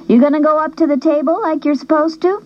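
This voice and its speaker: Woman doing a teasing high teen girl. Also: steady tone, dark tone, dry recording, muffled recording, lightly acted. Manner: bold, teasing, quick. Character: teasing, brash teenage girl, a best friend.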